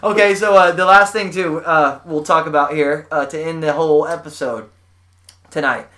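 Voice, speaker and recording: A man's voice: a little high, steady tone, normal speed, bright, forceful tone. A man from Texas co-hosting a podcast in casual chat, laid-back and peppering his talk with "dude" and "man.". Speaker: podcast co-host.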